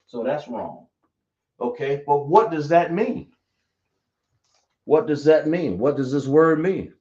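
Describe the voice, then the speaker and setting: A man teaches a live class, repeating points and checking that his listeners follow. He talks at an unhurried, drawn-out pace. The room is echoey and the sound is dull and lo-fi. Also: on the high side, animated, warm tone. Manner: slow, repetitive explaining, checking the class often.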